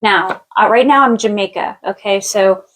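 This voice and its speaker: Woman doing a live psychic reading, mid pitch, kinda halting, lots of like and um, laid back. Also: poor audio. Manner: thinks aloud in a halting way, with many fillers and restarts; relaxed and chatty, laughs easily. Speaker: psychic medium giving a past-life reading. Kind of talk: live-stream spiritual reading.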